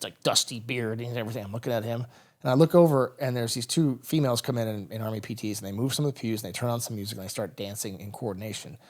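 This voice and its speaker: A man in his thirties, a veteran guest on a podcast, telling stories casually and acting out the dialogue. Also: medium pitch. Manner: rapid, animated anecdotes with quoted dialogue. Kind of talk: casual storytelling interview.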